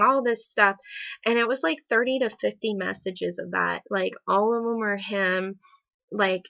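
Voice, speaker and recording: Bright, chatty young woman telling a story. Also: medium pitch, dry recording, highs cut off. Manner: animated, chatty with many fillers. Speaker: vlogger. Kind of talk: casual storytime.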